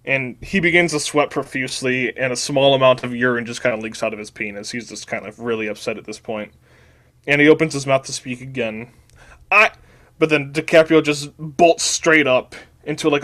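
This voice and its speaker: A man's voice: medium pitch, a bit bright. A man, a podcast host, casually reading out a crude comedic fanfiction, rambling and restarting words.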